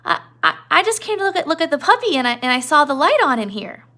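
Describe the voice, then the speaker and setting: A woman's voice: high voice, very animated, fast, bright, forceful tone, voice pushed up, full character voice. A woman voicing a big, simple-minded man with a childlike, lonely manner who stammers and halts as he pleads. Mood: eager, pleading.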